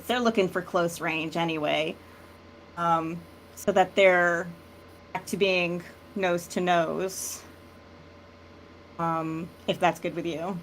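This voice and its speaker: A woman playing a tabletop role-play game, describing her character's moves with many pauses and fillers. She speaks slowly in a fairly low voice. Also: steady tone, fairly bright tone, a little hiss or hum. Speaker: player.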